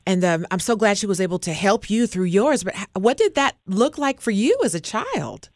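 A woman's voice: medium pitch, very animated, normal speed, no room sound, clean studio sound. A woman co-hosting a morning radio show, introducing and questioning a guest in an encouraging way. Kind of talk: radio interview.

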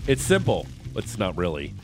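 Radio host dude, laid back joking, soft music under him. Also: male voice, sits low, huge pitch swings, normal speed. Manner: easygoing, self-deprecating. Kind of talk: casual sports radio banter. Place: radio studio.

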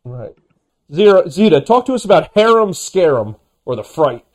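A man's voice: sits high, moderate pace. A man co-hosting a casual film review chat, joking and acting out quotes. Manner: animated, jokey, acts out quotes. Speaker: podcast co-host.

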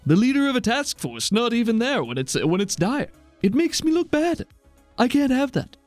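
A man's voice: very high voice, very animated, moderate pace, no room sound, faint music behind, pitched above the performer's own voice. A man voicing a pompous, self-important male task force leader in a tabletop game.

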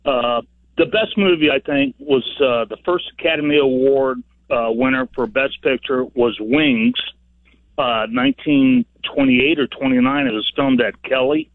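A man's voice: medium pitch, unhurried, no room sound. A man calling in to a radio show, rambling and repeating himself with many uhs. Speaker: caller. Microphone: telephone. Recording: dry tinny phone line.

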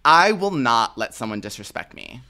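A young man in casual chat, telling a story with animated delivery and frequent laughs. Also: mid-range voice, moderate pace. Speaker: podcast co-host.

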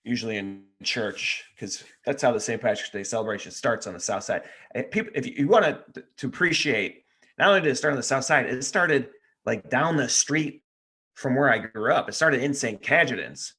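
A man's voice: mid-range voice, moderate pace, pushed and bright. A man co-hosting a podcast, teasing his friend and telling dry, rambling stories in casual banter. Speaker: podcast co-host.

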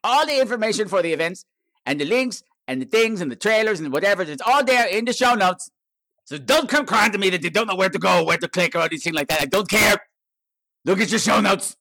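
A man's voice: high voice, expressive, brisk, vocal fry, sharp tone, no echo, clean studio sound, exaggerated voice. A man voicing a crude, insulting male gargoyle who introduces the show with mock grandeur. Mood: scornful. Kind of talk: comic character intro.

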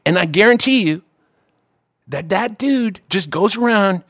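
Guy rambling through a wild story, cursing a lot, pitch all over the place, super dry sound. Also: no room sound. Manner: profane, animated, quick asides and restarts. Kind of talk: casual storytelling chat.

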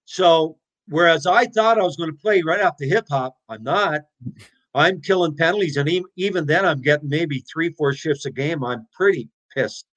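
A man in his sixties telling his stories as an interview guest, animated, blunt and profane. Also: a little high, moderate pace. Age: 60s. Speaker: interview guest, former hockey player. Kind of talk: casual storytelling.

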